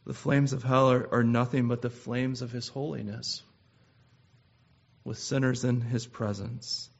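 A man preaching a sermon in a measured, earnest way, with frequent "uh" restarts. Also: mid-range voice, little pitch movement, vocal fry, breathy edge. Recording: slightly dull lo-fi sound.

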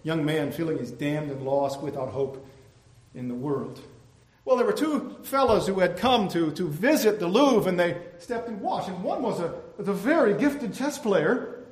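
A man's voice: high-pitched, expressive, normal speed. Impassioned preaching man. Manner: storytelling with loud impassioned exclamations. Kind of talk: sermon.

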